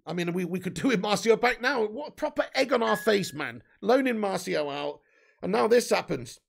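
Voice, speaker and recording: Casting: English male live-stream host, gravelly and fairly high, chatty, reads out viewer comments, swears casually. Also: expressive, moderate pace. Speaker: livestream host reading chat.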